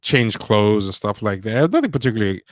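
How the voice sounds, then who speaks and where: A man's voice: fairly low pitch, very animated, fast talker, no echo. A man hosting a livestream, rambling casually about movies with lots of fillers and restarts. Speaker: podcast host.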